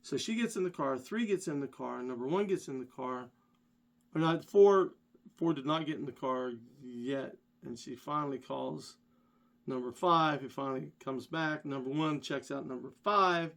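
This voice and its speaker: A man's voice: mid-range voice, normal speed, vocal fry. Rambling man telling a story. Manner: rambling, animated, self-deprecating. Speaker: vlogger. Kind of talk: casual storytelling.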